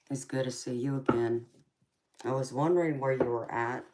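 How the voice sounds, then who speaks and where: Soft-spoken woman calling everyone honey. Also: a bass voice, steady tone, measured pace, pauses often, noisy background. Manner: warm, calls viewers sweetheart and honey. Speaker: tarot reader hosting a live stream. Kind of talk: casual live-stream chat.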